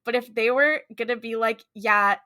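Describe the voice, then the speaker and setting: A woman co-hosting a podcast talks in casual, teasing banter. Her voice sits a little high and sounds very bright. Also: normal speed. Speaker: podcast co-host. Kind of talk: casual chat.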